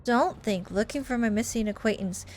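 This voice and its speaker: A woman's voice: on the high side, normal speed, slight background noise, lightly acted. A woman voicing a stern, threatening young woman in a game, speaking curtly and coldly. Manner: curt, cold and menacing.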